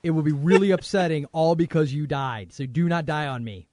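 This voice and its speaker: Podcast co-host guy, kinda high voice, jokey and teasing, dry close mic. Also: mellow, dry recording. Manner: teasing, playful, quick asides. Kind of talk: casual chat.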